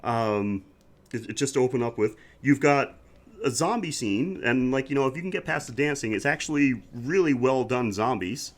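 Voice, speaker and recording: A man with a middle-range voice and a very lively, swooping pitch chats on a podcast. He sounds enthusiastic and laughs often. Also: normal speed. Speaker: podcast co-host. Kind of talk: casual chat.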